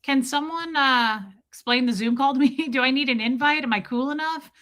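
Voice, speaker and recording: A woman's voice: high-pitched, fast, fairly bright tone. A woman hosting a livestream, chatting casually in a blunt, profane, self-mocking way. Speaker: livestream host. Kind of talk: casual chat.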